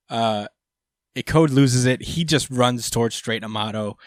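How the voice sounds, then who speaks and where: A podcast host goes over a comic chapter casually, cursing liberally and leaning on plenty of filler words. He speaks at medium pitch and an unhurried pace, recorded at studio quality with no echo.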